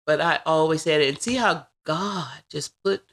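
A woman in her forties, a podcast guest, telling personal stories in a casual, animated way and acting out what people said. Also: sits low, normal speed. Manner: animated, acts out quoted dialogue. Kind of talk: casual interview storytelling.

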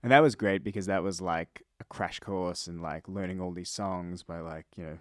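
A man's voice: low-pitched, normal speed, dry recording. A young Australian man, a musician guest in a studio, chatting casually with plenty of "like" and "you know". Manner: relaxed, many fillers like "like" and "you know". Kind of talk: casual interview chat. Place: recording studio.

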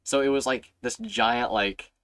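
A man's voice: mid-range voice, measured pace, fairly bright tone, clean tone, no room sound. A young man hosting a podcast, telling a rambling, swear-filled story in casual chat and acting out his younger self. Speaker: podcast host.

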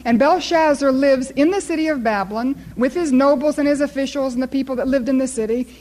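Woman preacher, high voice, lively sermon storyteller. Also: fairly quick, a little hiss or hum, rough recording.

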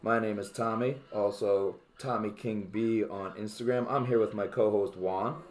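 A man's voice: on the low side, moderate pace. A young man hosting a casual late-night podcast, talking loosely with lots of fillers. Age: young adult. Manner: relaxed, rambling with many fillers. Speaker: podcast host. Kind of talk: casual chat.

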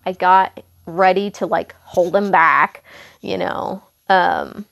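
A young woman hosting a podcast, telling a casual story in a rambling way, correcting herself often and filling pauses with um and you know. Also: lowish voice, creaky, a bit bright. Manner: rambling, self-correcting, lots of fillers and asides. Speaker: podcast host.

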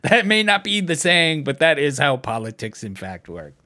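At a moderate pace and a slightly high pitch, a male podcast host rants about politics in a casual setting. He's lively and profane and laughs often along the way.

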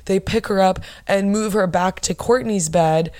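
A young woman hosting her own podcast, chatting casually and bluntly with lots of swearing and animated bursts of emphasis. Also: medium pitch, measured pace. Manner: blunt, profane, gossipy. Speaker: podcast host. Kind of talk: casual solo podcast chat.

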